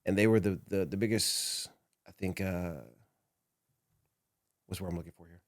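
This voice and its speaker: A man's voice: deep voice, steady tone, normal speed, dry recording, studio quality. A man, a former wrestler, recalling his career in a casual interview, laughing often as he talks. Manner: laughs often, emotional recollection. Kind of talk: casual storytelling.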